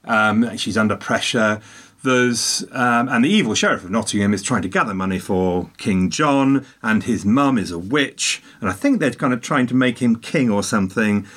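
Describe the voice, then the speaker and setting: A man chatting at length about a favourite film, talkative and jokey, with animated emphasis. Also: fairly low pitch, normal speed. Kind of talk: casual film chat.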